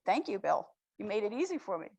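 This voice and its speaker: A woman speaker giving a spiritual talk at a spiritual center, retelling a story in a slow, reflective, affirming way. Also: medium pitch, big pitch swings, vocal fry, darkish tone, breathy edge, poor audio. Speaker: guest speaker.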